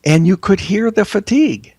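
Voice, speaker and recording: A man who is a guest author on a casual political talk show, telling stories with halting restarts. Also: high voice, slightly rough, no echo. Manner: storytelling, lively, halting restarts.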